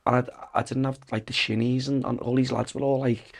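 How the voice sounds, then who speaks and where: Gravelly-voiced male podcast host. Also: mid-range voice, little pitch movement, fairly quick. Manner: conversational, stumbling over words, affirming the guest. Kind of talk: casual interview chat.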